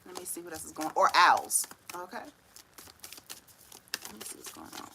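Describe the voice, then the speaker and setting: A woman's voice: on the low side, animated, moderate pace, creaky, sharp tone, a little hiss or hum, poor audio. A woman giving a casual tarot reading, talking in a chatty, slangy way full of "right?" tag questions and frequent laughs. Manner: laughs often while telling stories. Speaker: tarot reader.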